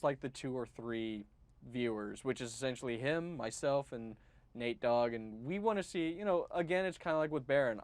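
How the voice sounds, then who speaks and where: A man's voice: medium pitch, a little mellow, no echo. Rambling man running a game. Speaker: game master. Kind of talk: casual stream chat.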